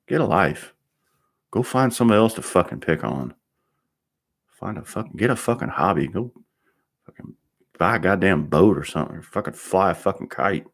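A man's voice: low-pitched, expressive, moderate pace, gravelly, long pauses. A man, a car mechanic, ranting bluntly in a rambling monologue and swearing constantly.

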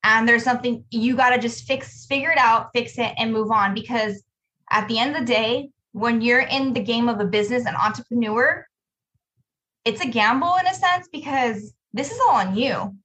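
Animated storytelling woman, slightly high voice. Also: moderate pace, rough recording. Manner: storytelling, animated, quotes herself. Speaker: business owner, podcast co-host. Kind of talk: casual podcast conversation.

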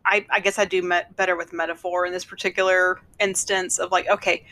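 A woman co-hosting a podcast in casual chat, telling jokes and acting out quick voices. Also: on the low side, flat delivery, bright, forceful tone. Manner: storytelling, acts out voices in jokes. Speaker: podcast co-host.

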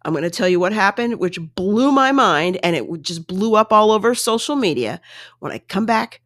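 A woman podcast host talking chattily and casually, her pitch leaping around as she acts out what others said. Her voice is close and dry, with no room sound. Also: expressive, normal speed, fairly bright tone, no echo. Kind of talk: casual solo podcast recap.

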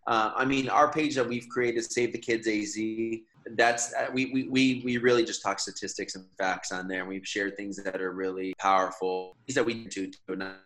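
A man's voice: fairly low pitch, fairly even intonation, normal speed, hardly any pauses, fairly bright tone. A man from Michigan, a guest on a podcast, talking in an earnest, persuasive way with frequent restarts. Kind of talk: casual conversational interview.

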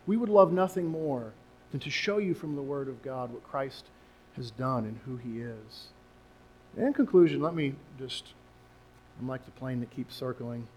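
A man preaching a sermon as pastor, swinging from quiet, drawn-out phrases to loud, emphatic cries. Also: medium pitch, poor audio. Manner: slows to drawn-out, deliberate phrases. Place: church sanctuary.

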